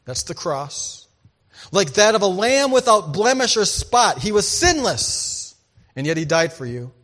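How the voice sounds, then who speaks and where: Guy preaching a sermon, pretty high voice, gets loud then goes quiet, storytelling. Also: a little slow. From farming background. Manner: storytelling, animated, shifts between loud and hushed. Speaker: pastor.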